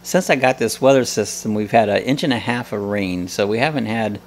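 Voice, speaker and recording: A man's voice: on the low side, brisk, a little hiss or hum. A man hosting a live coffee chat, blunt and jokey, laughing often as he reads viewer comments. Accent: American.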